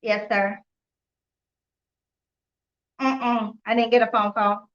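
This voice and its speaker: A woman hosting a couponing live stream, telling a story in a chatty, animated way, acting out the dialogue and laughing often. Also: on the high side, slow pace, muffled recording. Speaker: couponing livestream host. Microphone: phone or computer mic on a live stream.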